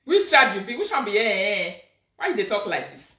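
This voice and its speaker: A woman with a Nigerian accent hosting a live video as a social media influencer, talking in an animated, scolding, emphatic way. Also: mid-range voice, fairly quick, far from the mic. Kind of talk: casual live-stream rant. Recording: echoey room, away from the mic.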